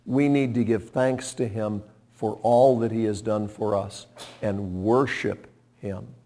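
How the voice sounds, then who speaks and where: A man preaching a sermon, telling folksy stories and swinging from hushed tones to loud, impassioned appeals. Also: fairly low pitch, fairly even intonation, slow pace. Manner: folksy, storytelling.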